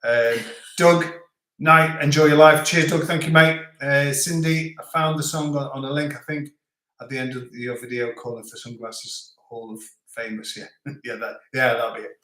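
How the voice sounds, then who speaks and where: A man's voice: medium pitch, steady tone, moderate pace, fairly bright tone. Chatty male livestream host, echoey room. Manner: chatty, rambling, joking, many restarts. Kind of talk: casual live chat reading viewer comments.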